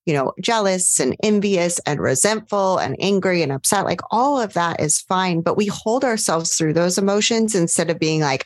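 Soft-spoken woman coach, low and dry. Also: expressive, normal speed, no room sound. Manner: gentle, soothing, speaks in warm affirmations. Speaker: coach and guest expert. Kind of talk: podcast interview.

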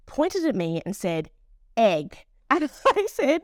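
A woman co-hosting a podcast, telling an embarrassing travel story in a lively, animated way and acting out the people in it. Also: high-pitched, measured pace, dry recording, studio quality. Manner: animated storyteller, acts out voices in anecdotes. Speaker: podcast co-host. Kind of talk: casual chat.

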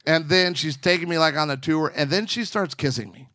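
Animated man telling a story, dry mic. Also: fairly high pitch, brisk, dry recording. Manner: animated storyteller acting out quoted voices. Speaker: podcast co-host and marriage counselor. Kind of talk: casual storytelling chat.

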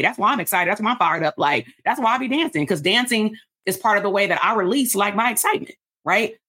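A woman coaching therapists in an excited, animated workshop voice, acting out both sides of a dialogue. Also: medium pitch, husky. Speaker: business coach and podcast host. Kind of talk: live workshop coaching, then podcast outro.

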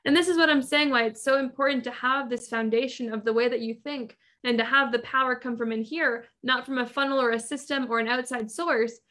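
A woman's voice: on the high side, steady tone, a little fast, hardly any pauses, sharp tone. A woman hosting a podcast, coaching listeners in an emphatic motivational monologue full of repetition and rhetorical questions. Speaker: podcast host and business coach.

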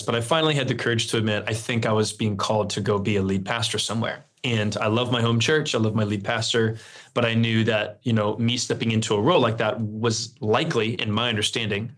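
Earnest man telling a story. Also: fairly low pitch. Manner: earnest storytelling, relaxed fillers. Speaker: lead pastor, guest. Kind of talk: conversational interview.

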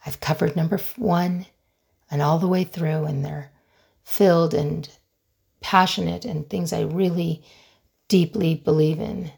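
A middle-aged woman hosting a solo podcast as a conflict resolution expert, speaking in an earnest, emphatic way with dramatic pauses. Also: on the low side, fairly even intonation, gravelly, darkish tone, husky.

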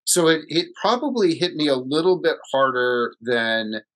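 A man co-hosting a casual podcast, speaking reflectively and haltingly with restarts, recorded in a hall. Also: fairly high pitch, expressive, a bit bright. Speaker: podcast co-host.

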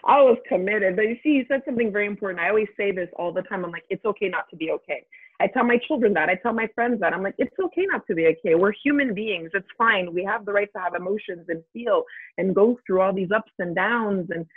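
A woman's voice: medium pitch, fast talker, breathy edge, no room sound. A middle-aged woman, a podcast guest, talking in a straightforward, emphatic way and laughing readily. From Canada. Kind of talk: casual interview talk. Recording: tinny phone line.

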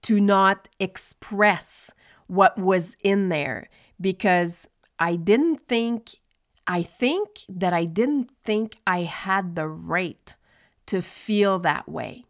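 A woman talking candidly to her listeners about her own feelings, in a reflective monologue with pauses and fillers. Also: medium pitch. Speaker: podcast host speaking to adults with ADHD.

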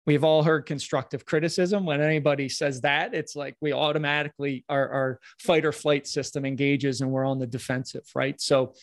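A man's voice: mid-range voice, steady tone, normal speed, dry recording, clean studio sound. A man answering interview questions as a coach, earnest, often restarting with repeated words. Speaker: podcast guest, morning-routine coach.

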